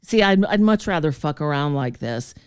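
A woman's voice: deep voice, animated, moderate pace, smooth, no echo, studio quality. A woman in her sixties hosting a podcast, chatting casually, laughing often and trailing off mid-sentence. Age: 60s. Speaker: podcast host. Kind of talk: casual chat.

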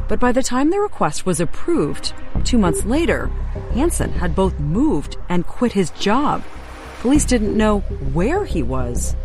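A woman correspondent reading a scripted true-crime narration in a measured, dramatic way. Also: lowish voice. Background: music bed.

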